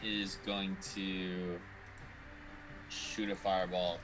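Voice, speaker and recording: Slow, low-voiced male player. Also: little pitch movement, a bit bright, soft background music, rough recording. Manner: slow, deliberate declarations of his moves. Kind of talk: casual tabletop game chat.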